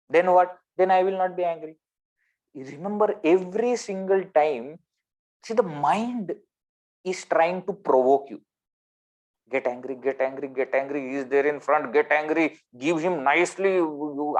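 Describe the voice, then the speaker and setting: A man with an Indian English accent giving a spiritual discourse over a video call, animated and full of rhetorical questions. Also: fairly high pitch. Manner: animated, rhetorical questions, swings between loud and soft. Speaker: spiritual teacher.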